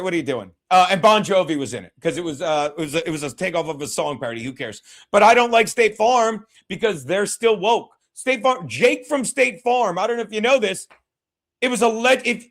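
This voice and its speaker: A man's voice: sits high, a bit bright. A man hosting a podcast, chatting casually and bluntly, rambling and swearing often. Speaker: podcast host. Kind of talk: casual, profane chat.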